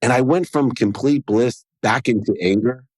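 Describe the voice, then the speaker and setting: A man's voice: medium pitch, moderate pace, darkish tone, no room sound. A man as a podcast guest, telling a personal story in an earnest way and acting out the dialogue within it. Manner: earnest, acts out quoted dialogue in his story.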